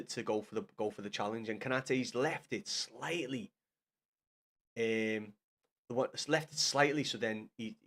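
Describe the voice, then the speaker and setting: This young man's voice is medium in pitch and a touch bright, carrying a Liverpool Scouse accent. Streaming live, he talks casually about football, wandering off topic, swearing and naming viewers directly.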